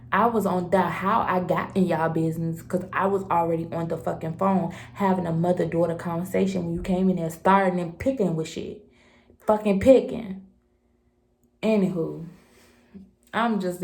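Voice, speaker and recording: A woman in her twenties telling a storytime vlog in a heated, profane, animated way. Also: fairly low pitch, creaky. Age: 20s. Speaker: vlogger. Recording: echoey room.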